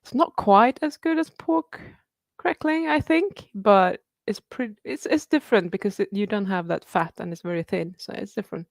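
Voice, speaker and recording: A woman's voice: mid-range voice, lively intonation, normal speed, gravelly, few pauses, dry recording, studio quality. A woman in her thirties hosting a casual live Q&A, chatty and upbeat, laughing often and swearing casually. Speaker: livestream host answering viewer questions.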